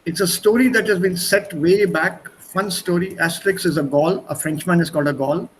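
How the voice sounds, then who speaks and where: A man with a fairly high voice runs an online language class. He is chatty, often repeats his words and shifts from one language to another mid-thought. Faint room ambience sits behind his video-call audio. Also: moderate pace, a little hiss or hum, rough recording. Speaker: teacher.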